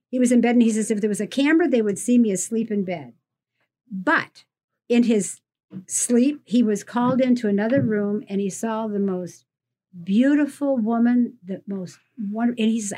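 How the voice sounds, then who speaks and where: A woman with a slightly high voice tells a story on a radio show. She talks with energy and lots of emphasis, and she quotes other people's words as she goes. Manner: retells a story with quoted lines, lively and emphatic. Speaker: guest storyteller. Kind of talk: animated casual storytelling on radio.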